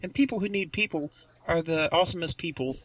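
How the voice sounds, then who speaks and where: A man's voice: fairly high pitch, fast talker, fairly bright tone, dry recording, rough recording. A man hosting a podcast, chatting casually and joking around. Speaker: podcast host. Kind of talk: casual chat.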